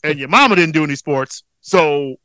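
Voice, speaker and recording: Podcast co-host, man in his thirties, swears freely, bright, lively delivery, close dry mic. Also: fairly high pitch, normal speed, smooth, no echo. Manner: profane, excitable, proud storytelling. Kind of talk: casual chat.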